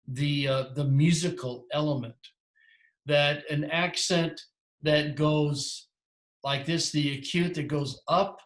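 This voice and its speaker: Male teacher, rambling lecture style, slightly high voice, roomy echo. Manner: rambling, self-correcting explanations. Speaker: Greek teacher. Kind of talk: lecturing in a class.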